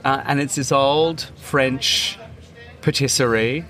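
A man's voice: mid-range voice, fairly even intonation, takes it slowly, sharp tone. A man, a comedian and podcast guest, telling vivid, theatrical food stories in casual chat.

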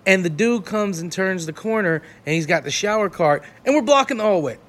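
High-voiced man telling crude road stories. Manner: crude, animated, quick to laugh. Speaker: touring performer. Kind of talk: raunchy casual storytelling.

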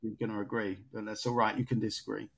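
A man's voice: on the low side, little pitch movement, fast talker, gravelly, a bit bright, breathy edge. A man hosting a casual podcast chat, rambling and thinking aloud as he goes. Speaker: podcast host.

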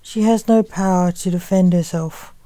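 A woman's voice: lowish voice, normal speed, mellow, dry recording, lightly acted. A woman reading the part of a stern, fatherly enchanter in a story. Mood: dismissive. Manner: stern, dismissive. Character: fatherly stern man, sword-wielding enchanter.

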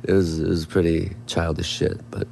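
Rambling low-voiced man telling stories. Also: little pitch movement, moderate pace, gravelly, a little mellow. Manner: rambling, profane, many restarts. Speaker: songwriter and producer guest. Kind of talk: casual storytelling interview.

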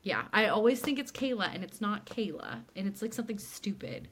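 A woman's voice: mid-range voice, fairly quick, slight background noise. A young woman co-hosting a podcast, chatting casually and acting out characters' lines as she recaps an episode. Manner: animated retelling, acts out characters' lines. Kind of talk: casual chat.

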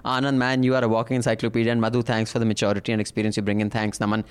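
A man's voice: on the low side, little pitch movement, racing, clear, resonant tone. A man hosting a casual panel chat, reading listener mail and teasing his co-hosts. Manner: jokey, teasing, puts on voices for laughs.

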